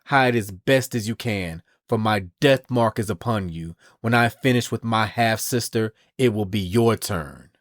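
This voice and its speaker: A man's voice: lowish voice, measured pace, few pauses, dry recording, clean studio sound, close to an everyday voice. A man reading a boastful samurai villain. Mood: menacing. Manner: threatening, boastful declarations. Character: vengeful armored male samurai villain, menacing.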